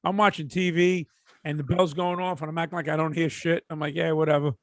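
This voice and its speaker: A middle-aged man from Brooklyn with a New York accent, co-hosting a podcast in blunt, gruff, profane comedic chat. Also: on the high side, fairly even intonation, brisk, a bit bright, dry recording. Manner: gruff, blunt, heavy swearing. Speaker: podcast co-host.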